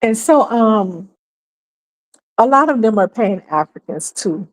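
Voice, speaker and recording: Taking her time in a fairly high, expressive voice, a New York woman hosts a livestream. Her commentary is opinionated and sarcastic, delivered emphatically and studded with rhetorical questions.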